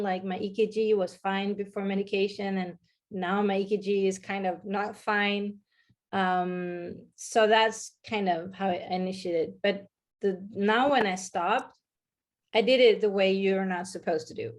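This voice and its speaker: A woman's voice: mid-range voice, a little mellow. A woman being interviewed, telling her own story in a hesitant way and often restarting to find her words. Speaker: interview guest.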